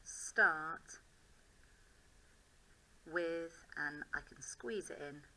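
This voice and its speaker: A woman's voice: low-pitched, very slow, long pauses, pushed and bright, rough recording. An English woman teacher thinking aloud as she writes, upbeat and encouraging in a classroom demonstration.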